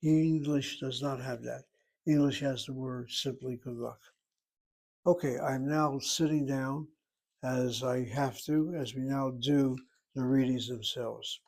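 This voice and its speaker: A man's voice: mid-range voice, fairly even intonation, measured pace, a little mellow. Older man teaching grammar step by step. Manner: methodical, explains step by step. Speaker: Hebrew teacher. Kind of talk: grammar lecture.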